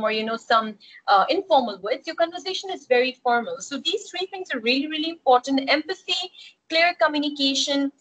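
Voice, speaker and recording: High-voiced woman teaching speaking skills. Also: animated, a little fast, a bit bright, dull audio. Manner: explanatory, repeats key points, frequent "right?" checks. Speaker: OET speaking tutor. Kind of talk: live online lesson.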